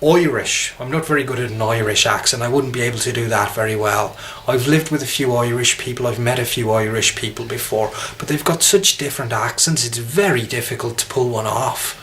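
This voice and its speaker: A man's voice: medium pitch, a little fast, fairly bright tone, slight background noise. An English-accented man, an English teacher, talking casually to camera with frequent hesitations and restarts. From England.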